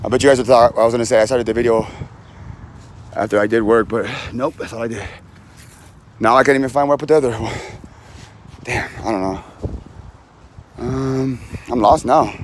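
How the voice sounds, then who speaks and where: A man's voice: mid-range voice, fairly even intonation, normal speed, pauses often, a little hiss or hum. A young man casually vlogging in a backyard while doing yard work, rambling and joking at his own expense in chatty slang, filmed on a phone. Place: outdoors in a backyard.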